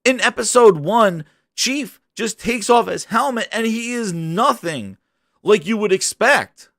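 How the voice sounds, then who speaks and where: A man's voice: high voice, unhurried, no room sound, studio quality. A man hosting a gaming channel, ranting in casual livestream commentary and chatting with his viewers. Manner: animated, ranting, chats with viewers.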